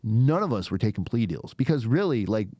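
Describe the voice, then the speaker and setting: A man in his forties telling a story on a podcast, animated and cursing, acting out the voices of the people in it. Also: medium pitch, brisk, no echo. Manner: animated, swears a lot, acts out quoted voices. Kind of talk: casual storytelling. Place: podcast studio.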